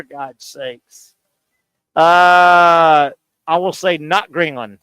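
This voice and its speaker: Guy hosting sports radio, higher voice, bouncy and loud, dead dry studio sound. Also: takes it slowly, clean tone, dry recording. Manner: loud, excitable, jokey, swings between shouting and mumbling. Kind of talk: casual sports radio banter and trivia.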